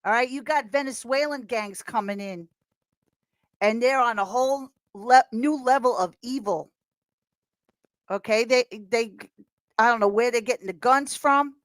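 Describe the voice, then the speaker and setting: High-voiced chatty woman, very dry sound. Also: unhurried, dry recording. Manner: animated, rambling, laughs often. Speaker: podcast guest. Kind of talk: casual chat.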